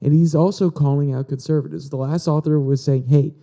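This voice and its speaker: A man's voice: a little high, fairly even intonation, brisk, warm tone. A man from Virginia hosting a podcast. He talks casually about political news, explains the articles and reads out quotes. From Virginia, USA. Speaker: podcast host.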